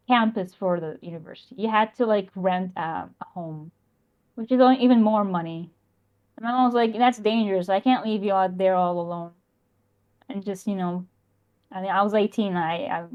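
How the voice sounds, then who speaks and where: A young adult woman calling in over a voice call, talking in a halting way that often trails off. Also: mid-range voice, lo-fi sound. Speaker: caller. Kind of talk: casual call-in chat.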